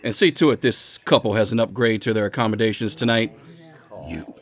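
An actor playing a calm, firm male casino floorman who speaks in measured tones. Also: fairly low pitch, close to an everyday voice.

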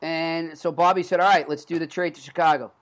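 A man's voice: on the high side, fairly even intonation, a little fast, a bit bright. A man in his thirties with a Boston accent, hosting a sports podcast in casual chat and rambling with frequent restarts. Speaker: podcast host.

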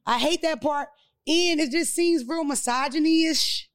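A high-pitched woman holds the floor on a casual podcast, telling stories in an animated, profane, joking way. Her voice sits close and dry on the mic, with no room around it. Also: a little slow, dry recording. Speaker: podcast host.

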